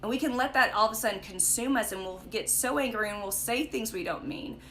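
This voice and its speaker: A woman's voice: on the high side, lively intonation, fairly quick, fairly bright tone, a little hiss or hum. A young woman leading a casual livestream Bible study, chatty and storytelling, often saying "like" and "right?". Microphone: phone or webcam for a live stream.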